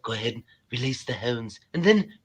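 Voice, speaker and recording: A man doing an impression of a doddering, greedy old male tycoon boss, with a quiet wheezy drawl. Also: medium pitch, lively intonation, brisk, husky. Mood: scheming.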